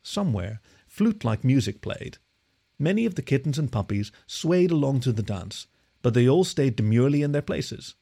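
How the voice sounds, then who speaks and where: Gravelly, expressive male storyteller. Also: mid-range voice, normal speed. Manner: expressive, animated reading. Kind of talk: scripted narration.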